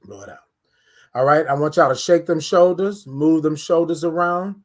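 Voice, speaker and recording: A man with a fairly high voice and moderate pace hosts a laid-back live morning stream indoors, leading his viewers in breathing. Energetic and direct, he repeats phrases a lot, recorded by a camera held close to his face.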